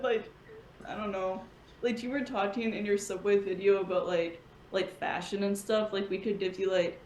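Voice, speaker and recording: A woman's voice: mid-range voice, a little mellow. Giggly tipsy young woman in an echoey room. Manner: giggly, heavy use of "like". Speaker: podcast guest. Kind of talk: casual chat. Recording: roomy echo with faint noise.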